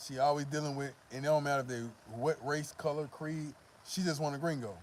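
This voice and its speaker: A man's voice: on the high side, fairly even intonation, a little fast, a little hiss or hum. A man giving blunt, profane dating advice in a casual vlog monologue, often asking "you know what I mean".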